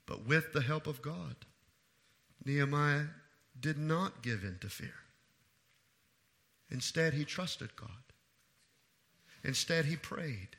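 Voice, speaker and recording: A married man preaching an evening sermon, pressing his points by repeating them and swinging from hushed to loud. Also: on the high side, takes it slowly, gravelly, pauses often. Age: adult. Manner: emphatic preaching with repeated phrases. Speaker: pastor.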